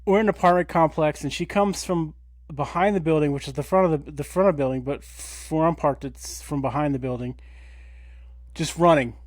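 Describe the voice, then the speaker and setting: A man in his thirties, a podcast co-host, telling a story in a casual, animated way, swearing and acting out quotes. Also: fairly high pitch, brisk, dry recording. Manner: animated, profane, acts out quotes.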